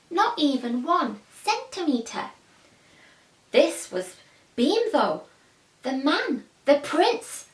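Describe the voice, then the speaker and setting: A woman's voice: extremely high pitch, a bit bright. A woman telling a children's story expressively, asking her listeners questions, in an echoey room.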